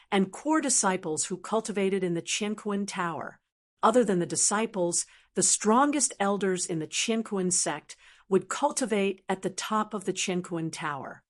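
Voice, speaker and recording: A woman reading an audiobook as narrator in a steady, even narration. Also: medium pitch. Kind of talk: scripted narration.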